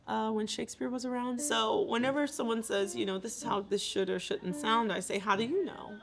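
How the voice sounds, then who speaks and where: A woman's voice: medium pitch, creaky. A woman composer and theater maker talking about her work in a thoughtful, earnest way. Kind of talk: reflective interview talk.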